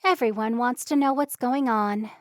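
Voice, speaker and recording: A woman doing a gentle, caring young woman. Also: fairly high pitch, normal speed, dry recording, clean studio sound, pitched above the performer's own voice, lightly acted. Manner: gentle, reassuring.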